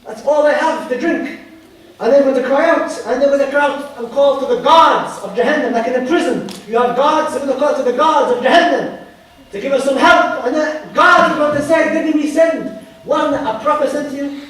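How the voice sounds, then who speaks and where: A man's voice: very high-pitched, fairly quick, fairly bright tone. A man preaching a sermon, emphatic, repeating phrases for weight. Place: mosque prayer hall. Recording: very echoey hall, voice far from mic.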